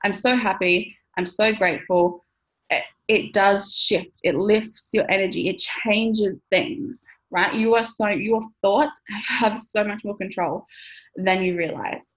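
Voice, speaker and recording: A woman's voice: mid-range voice, slow pace, low-quality recording. A woman in her thirties, talking casually to camera as a money mindset coach, chatty, laughing often and swearing now and then.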